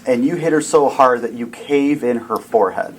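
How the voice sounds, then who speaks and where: A man's voice: medium pitch, normal speed, poor audio. A man narrating a tabletop game as dungeon master, telling the scene in vivid, dramatic detail. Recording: faint background noise.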